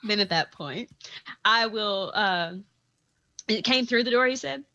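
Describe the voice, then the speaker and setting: A woman playing a tabletop game, animated and laughing as she talks her plans through aloud. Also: mid-range voice, unhurried, lo-fi sound. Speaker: player. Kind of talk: casual tabletop play.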